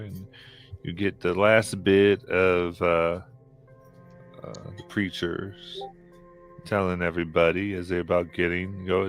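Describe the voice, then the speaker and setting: Gravelly male game master, relaxed halting narration. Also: low voice.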